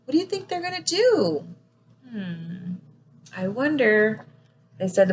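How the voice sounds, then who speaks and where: A woman teacher reading a picture book aloud to young children, gasping often and pausing to ask them questions. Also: mid-range voice, a little hiss or hum, low-quality recording. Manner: expressive, frequent gasps, asks listeners questions.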